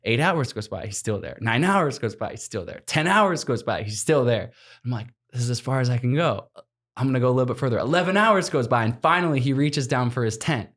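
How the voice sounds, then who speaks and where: A man in his thirties tells a story in a relaxed podcast chat. He talks in an animated way, acts out what people said and laughs along, at a middle pitch. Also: fairly quick. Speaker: guest, explorer.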